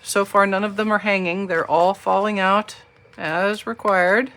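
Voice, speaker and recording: Showing viewers how to make cards live, this Southern US woman keeps up a chatty, jokey patter. Her medium-pitched voice is steady, a bit bright and a little slow, and a slight hiss or hum can be heard.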